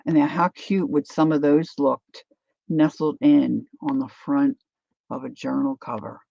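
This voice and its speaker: A woman's voice: low-pitched, fairly even intonation, unhurried, gravelly, mellow, dry recording, lo-fi sound. A woman hosting a craft livestream, rambling chattily through a demo and answering viewer comments.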